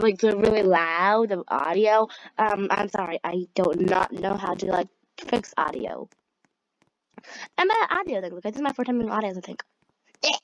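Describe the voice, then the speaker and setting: A woman's voice: medium pitch, dry recording, dull audio. A young woman giving casual, rambling commentary while playing a game, giggling often and using lots of fillers. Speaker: gamer.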